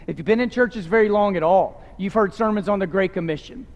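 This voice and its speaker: A pastor with a high voice preaches in a conversational way and drops light jokes to his congregation. The sound rings out with a long hall reverb, as in a church sanctuary. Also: fairly quick, highs cut off. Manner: conversational, joking asides to the congregation. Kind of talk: sermon.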